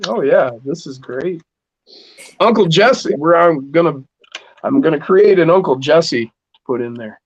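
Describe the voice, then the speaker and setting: A man with a fairly high voice, chatting casually on a live stream and teasing his friends with plenty of laughs. His audio sounds dull and low in fidelity. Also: expressive, unhurried. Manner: joking, laughs often. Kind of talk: casual chat.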